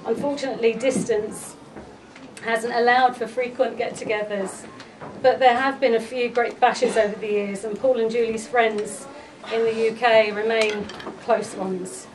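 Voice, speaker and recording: A woman's voice: on the high side, steady tone, unhurried. A woman, giving a heartfelt memorial eulogy for a close friend. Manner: fond, heartfelt, chuckling between lines. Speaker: eulogy speaker, friend of the family. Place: memorial gathering room. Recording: distant mic with background noise at a memorial gathering.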